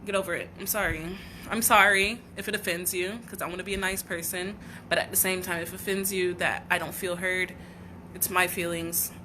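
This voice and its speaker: A woman's voice: lowish voice, flat delivery, brisk, bright, forceful tone, slight background noise. A woman from the United States hosting a livestream, talking in a raw, earnest and heartfelt way, often breaking off and restarting her sentences. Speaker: livestream host. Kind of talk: emotional personal livestream talk.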